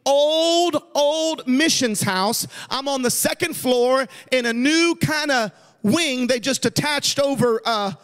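High-voiced preaching man in a reverberant church. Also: unhurried, clear, resonant tone. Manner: storytelling, rising to shouted emphasis. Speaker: evangelist. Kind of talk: sermon. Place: church sanctuary.

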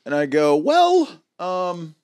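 A young man co-hosting a podcast, rambling through a story with lots of fillers and squeaky impressions of other people. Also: animated, fairly quick, no echo, studio quality. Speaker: podcast co-host. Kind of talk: casual chat.

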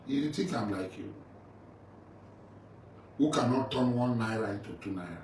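A middle-aged Nigerian English speaker with a medium, slightly mellow voice and lively intonation goes after a rival at a moderate pace. The militant leader's rant is angry, mocking and combative, recorded on a far-off mic in a roomy space with faint background noise.

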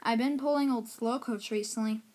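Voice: mid-range voice, steady tone, normal speed, a little mellow, close to an everyday voice. A young voice playing a sensible little engine in a toy-train story, explaining mildly.

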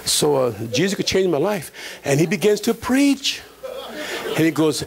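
Gravelly man telling a street testimony. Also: a little high, big pitch swings, normal speed. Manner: streetwise storytelling, acts out voices from prison days. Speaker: guest preacher giving testimony. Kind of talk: testimony sermon.

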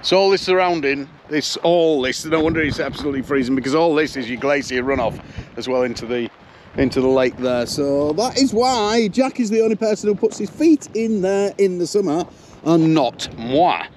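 A middle-aged Yorkshire man with a fairly high voice talks loosely and casually, dropping the odd swear word. He sounds like a trucker vlogging from his cab, with heavy road and wind noise under him. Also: lively intonation, normal speed. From Yorkshire, England. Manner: chatty, swears casually, sings snatches of songs. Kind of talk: casual driving vlog chat. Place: in a truck cab and outdoors at a lake.

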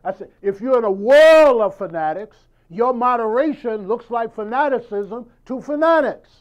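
A man's voice: very high-pitched, expressive, moderate pace. A man preaching a sermon in a conversational style, acting out dialogues and firing rhetorical questions.

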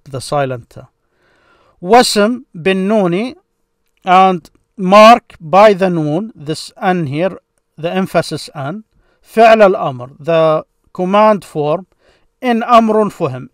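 A man teaching a grammar lesson, slowly and patiently explaining each form with repeated examples. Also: fairly high pitch, dry recording, clean studio sound.

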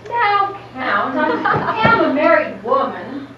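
A prim, exasperated wife, played by a woman on stage speaks slowly and indignantly, in a high, lively voice. The sound is very echoey and distant, dull, with clear noise. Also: exaggerated voice. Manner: prim, indignant, slow and deliberate. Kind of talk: amateur stage play.

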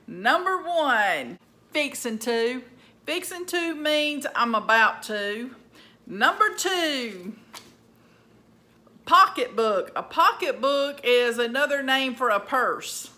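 Slow bright-voiced Southern woman. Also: sits high, lively intonation. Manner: slow, drawling, plainspoken. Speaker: vlogger. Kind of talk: casual list explainer.

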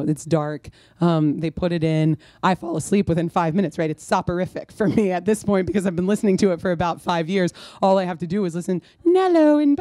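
A woman's voice: on the low side, warm tone, no room sound. A woman author talking with an audience at a bookstore event, telling rambling, self-mocking stories full of restarts. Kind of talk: conversational Q&A and anecdote.

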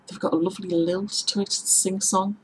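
A woman's voice: mid-range voice, level tone, fairly quick, slight background noise, poor audio. A woman from Middlesbrough with a Teesside accent, chatting casually in a tag video and explaining local words with examples and spellings. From Middlesbrough, England. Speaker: vlogger.

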